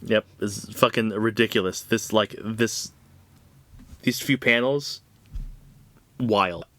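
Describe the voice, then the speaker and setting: A man's voice: fairly low pitch, takes it slowly, pushed and bright. A man co-hosting a podcast, recapping a comic book in loose, profane casual chat full of "like"s. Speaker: podcast co-host.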